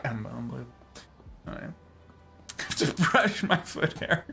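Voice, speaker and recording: Playful, animated young male streamer. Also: a little high, slow, gravelly, soft background music. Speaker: game streamer. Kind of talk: casual gameplay commentary.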